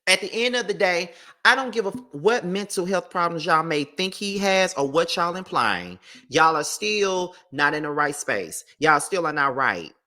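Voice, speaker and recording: Blunt, profane low-voiced woman commentator. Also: expressive, moderate pace, pushed and bright. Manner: blunt and profane, reads out text messages. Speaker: celebrity gossip commentator. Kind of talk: opinionated commentary.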